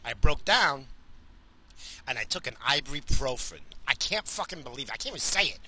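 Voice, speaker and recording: A middle-aged man from the United States ranting casually and profanely to his viewers while driving, animated, cursing and mocking himself. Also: mid-range voice, fairly quick, slight background noise, poor audio. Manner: animated, swearing, self-mocking. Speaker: vlogger.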